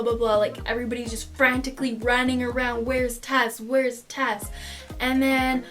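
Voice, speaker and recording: A young woman telling a personal story in a casual vlog, animated, swearing freely and laughing mid-sentence. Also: fairly high pitch. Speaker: vlogger.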